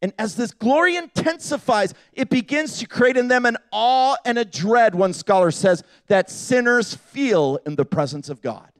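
A man preaching a sermon with passion, swinging from loud appeals to hushed, quiet asides. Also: very high-pitched, expressive, normal speed, few pauses, no room sound.

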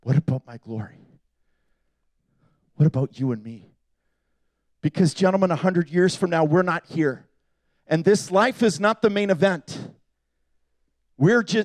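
A man preaching a sermon with passion, swinging from loud appeals to hushed, quiet asides. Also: high voice, no room sound.

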